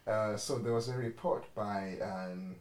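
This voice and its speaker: This African man, co-hosting a podcast, speaks in a fairly low, unhurried voice. The chat is casual, with plenty of rambling, self-corrections and frequent laughter, and the room's echo and faint ambience come through.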